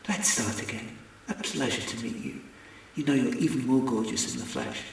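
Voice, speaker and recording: A man's voice: mid-range voice, expressive, normal speed, gravelly, slight background noise. A man voicing an earnest, lovestruck male alien visitor in his own voice for an audiobook. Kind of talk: audiobook character voice. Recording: echoey room, distant mic.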